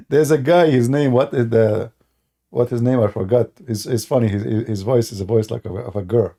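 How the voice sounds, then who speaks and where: A man's voice: medium pitch, lively intonation, moderate pace, creaky, mellow. A man giving a sarcastic, mocking commentary monologue in broken, non-native English, laughing at his own points. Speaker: online religion critic.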